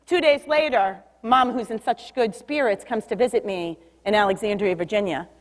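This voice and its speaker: A woman giving an energetic public talk about body language, leading the audience to repeat after her. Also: medium pitch, normal speed. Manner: lively, leads audience call-and-response. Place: stage in a large hall. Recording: long hall reverb.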